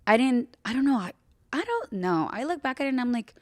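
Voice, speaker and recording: A woman's voice: fairly high pitch, big pitch swings, brisk, no echo, studio quality. Chatty young woman telling a story. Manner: chatty, filler-heavy, candid with swearing. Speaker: podcast host. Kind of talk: casual personal storytelling.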